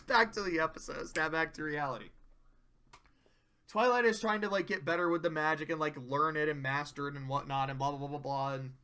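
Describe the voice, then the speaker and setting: A man's voice: a little high, a little fast, bright, forceful tone, clear, resonant tone. A man casually recapping a cartoon episode, rambling, profane, often interrupting himself.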